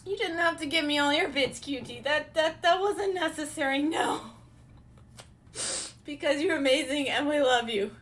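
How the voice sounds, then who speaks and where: A woman live streamer chatting casually with her viewers while beading, excitable and laughing often. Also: high voice, normal speed. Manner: giggly, excitable, frequently laughing.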